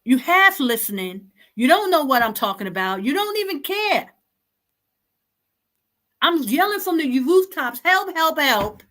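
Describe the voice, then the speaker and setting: A woman's voice: high-pitched, sing-song, a little slow, long pauses, fairly bright tone. A woman hosting an online talk show, scolding her listeners in an impassioned, exasperated and repetitive way.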